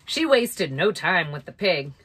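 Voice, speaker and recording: A woman reading a children's picture book aloud, expressive and playful, with asides to listeners. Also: on the low side, a little slow, slightly rough. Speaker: storyteller.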